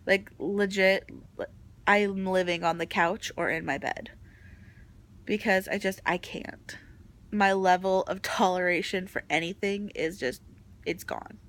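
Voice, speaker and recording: A young woman vlogging casually, exhausted and nauseous, venting frankly about a rough stretch. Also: mid-range voice, fairly even intonation, unhurried, fairly bright tone. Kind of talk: casual chat.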